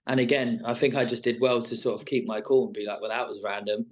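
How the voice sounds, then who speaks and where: A man talks loosely and casually as a guest, stringing his thoughts along with plenty of fillers. His voice sits at an ordinary middle pitch and he never sounds scripted. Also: steady tone, fast, a little mellow. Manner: rambling, full of "like" and "sort of". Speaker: reality show contestant guest. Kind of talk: casual interview chat.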